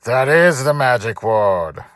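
A man's voice: mid-range voice, expressive, slow, a bit bright, dry recording, voice pushed up. A man playing a blustering pirate captain. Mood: sulky. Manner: bellowing, blustery. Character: blustering peg-legged pirate captain, bellowing.

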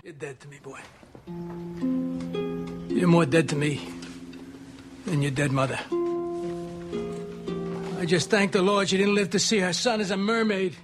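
A man's voice: high voice, fairly even intonation, unhurried, pauses often. An actor playing a father who coldly disowns his grown son, in a film clip. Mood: scornful. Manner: contemptuous, cold. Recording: film clip over music.

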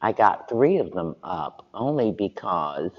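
A man speaking on a panel, telling stories and giving advice in a relaxed, conversational way. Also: low-pitched, in a large hall, dull audio. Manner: unhurried, conversational, chuckles while telling stories.

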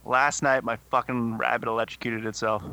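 A man's voice: mid-range voice, flat delivery, brisk, bright, forceful tone, smooth, dry recording. A young man co-hosting a podcast, telling a rambling story full of swearing. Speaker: podcast co-host. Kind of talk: casual chat.

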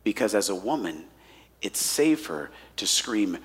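A man preaching a sermon to a congregation as pastor, animated and swinging between hushed asides and loud emphasis. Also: deep voice, normal speed, husky. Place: church hall before a congregation.

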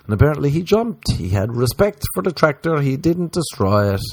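A man from Ireland with a Cork accent, telling comic stories in a rambling, animated chat full of crude humor and tangents. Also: on the high side, a little fast, no room sound. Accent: Irish, Cork.

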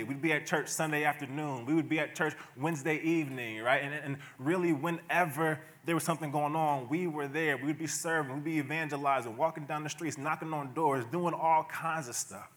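A man preaching a sermon to his church in a relaxed, conversational way, often chuckling and slipping into playful asides. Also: fairly high pitch, fairly quick, hardly any pauses. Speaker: pastor. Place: church sanctuary.

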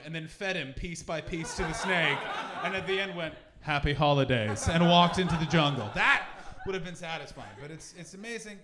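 Brief: Canadian man, stand-up comic, high voice, sweary rants, roomy echoey club. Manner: animated, sweary, shouting bursts. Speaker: stand-up comedian. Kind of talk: stand-up comedy set. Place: pop-up venue in London. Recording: echoey live venue, audience noise.

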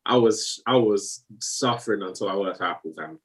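A man's voice: lowish voice, normal speed, a bit bright, husky. A young man, teasing and chatting with friends. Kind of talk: casual chat among friends.

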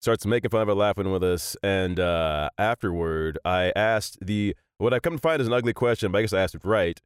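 A man in his thirties, a voice actor, telling stories in a casual chat, animated and laughing often. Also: low-pitched, fairly quick, smooth, no room sound, clean studio sound. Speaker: voice actor guest.

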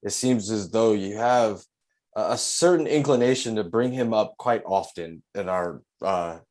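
A man's voice: on the low side, measured pace, a little mellow. A man co-hosting a podcast, easygoing and teasing, chatting loosely with plenty of fillers. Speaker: podcast co-host. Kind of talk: casual podcast chat.

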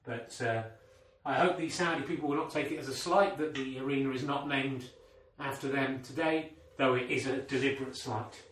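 A man's voice: mid-range voice, fairly even intonation, normal speed, fairly bright tone. A man commentating on a snooker game he plays against himself, in a mock sports commentary style with dry, self-mocking asides. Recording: roomy sound from a distant omni mic.

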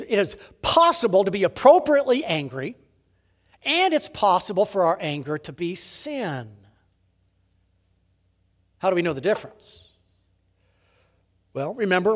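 Guy preaching a sermon, voice on the high side and swings all over the place, gets loud then drops almost to a whisper, lots of rhetorical questions. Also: long reverb tail. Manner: animated preaching, rising to emphasis then dropping to near-whispers; repeats words for emphasis, rhetorical questions. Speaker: pastor.

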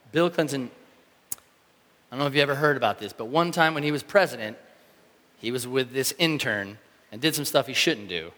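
A man preaching a sermon in a casual, animated way, acting out the reactions of the people in his story. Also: medium pitch, moderate pace, long pauses, long reverb tail. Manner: animated, conversational, acts out quoted reactions. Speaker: pastor.

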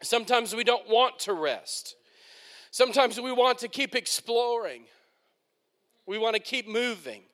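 A man in his thirties preaching a sermon with fervent, repetitive phrasing, rising to shouted peaks and excited whoops. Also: very high-pitched, measured pace. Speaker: pastor.

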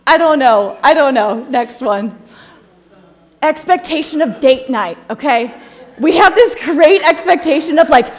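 Brief: woman, 30s, higher voice, humorous slide talk, storyteller who laughs often. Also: expressive, measured pace. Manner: chatty storytelling, laughs often, acts out quotes. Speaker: speaker presenting slides to a group.

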